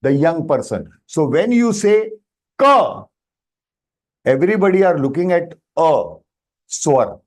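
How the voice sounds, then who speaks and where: A man's voice: a little high, normal speed. A man with an Indian English accent teaching Sanskrit in an online class, explaining patiently and checking with students, slipping into Hindi phrases. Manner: animated explaining, often checks with "Am I right?".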